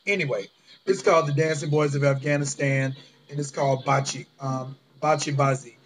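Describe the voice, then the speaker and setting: A man's voice: mid-range voice, steady tone, normal speed, slight background noise. A man, ranting to viewers in a casual vlog, agitated and indignant, swearing and calling them y'all. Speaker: vlogger.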